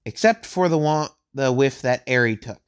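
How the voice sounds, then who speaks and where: A man casually retelling a fan story in a rambling, halting way, searching for words. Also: mid-range voice, expressive, clean tone. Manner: rambling, halting, with many fillers and restarts.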